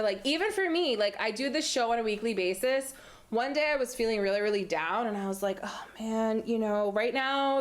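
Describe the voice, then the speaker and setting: Playful chatty young woman hosting. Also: on the high side. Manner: playful, chatty, many fillers. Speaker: host. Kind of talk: solo talk-show monologue. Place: community TV studio.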